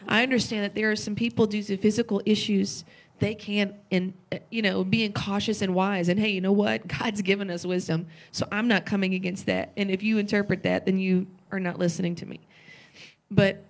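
A woman's voice: medium pitch, flat delivery, brisk. A woman preaching a sermon with passion, repeating phrases and asking rhetorical questions, at times tearful.

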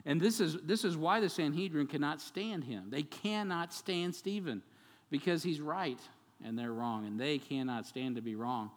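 A man preaching a sermon as pastor, animated and conversational, acting out quotes and adding asides to the congregation. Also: on the high side, normal speed, big-room sound. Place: church sanctuary.

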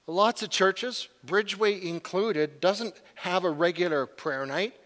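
A man's voice: sits high, slow pace, a bit bright. A man in his forties preaching a sermon as a pastor, earnest and confessional, building to urgency. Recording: long hall reverb.

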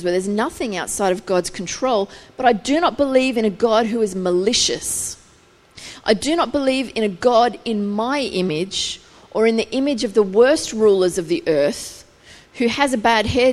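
A woman's voice: on the high side, a little mellow. A woman preaching a sermon, explaining scripture thoughtfully and building intensity as she goes. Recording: long reverb of a hall.

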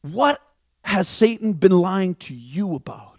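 A man preaching a sermon as a pastor, repeating phrases and building to impassioned shouts. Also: high-pitched, animated, measured pace, dry recording, clean studio sound.

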